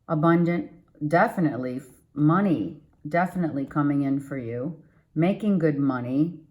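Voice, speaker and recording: A woman with a low, somewhat mellow voice offers her viewers a loose, rambling tarot reading. She goes over the same points again and sounds cheerful and encouraging throughout.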